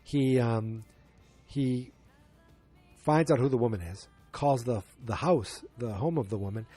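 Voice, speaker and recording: A man recaps a film on his podcast in a loose, rambling monologue, restarting sentences and slipping into the characters' lines. His voice is husky and mellow, with faint music underneath. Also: mid-range voice, measured pace. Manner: rambling, self-correcting, acts out quoted lines. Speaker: podcast host. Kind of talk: casual movie review monologue.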